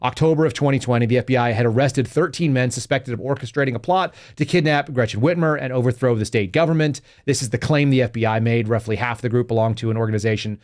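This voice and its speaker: A man's voice: medium pitch, fast talker, few pauses, darkish tone. A man hosting a live political podcast, reading news articles aloud and commenting in a combative, sarcastic way. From Texas. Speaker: podcast host.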